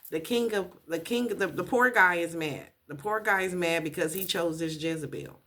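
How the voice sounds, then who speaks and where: A woman's voice: on the low side, unhurried, sharp tone. Blunt, profane woman tarot reader. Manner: blunt, profane, emphatic repetition. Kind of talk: casual tarot reading to camera.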